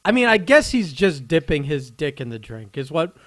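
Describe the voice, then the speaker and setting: A man's voice: a little high, very animated, moderate pace, a bit bright. A man chatting casually on a podcast, hesitant and full of fillers as he reacts to a story. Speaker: podcast co-host.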